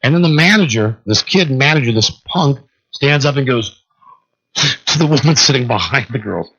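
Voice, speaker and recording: On a lo-fi broadcast with a dull sound, a man hosting a talk radio show tells a long story by himself, animatedly acting out the figures in it. His voice is mid-range with a breathy edge, at a moderate pace.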